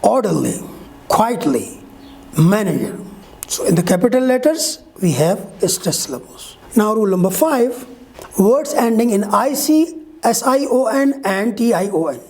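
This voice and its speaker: Her voice sits on the high side, animated and darkish in tone, at a normal speed. Teaching English online, she walks through pronunciation rules one step at a time, spelling letters aloud and asking "Okay?" along the way.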